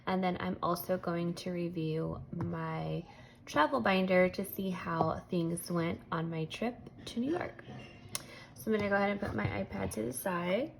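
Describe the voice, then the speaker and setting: Low gravelly woman counting cash aloud. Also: moderate pace, slight background noise, rough recording. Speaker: budgeting vlogger. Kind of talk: casual step-by-step explanation. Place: at home, kids awake nearby.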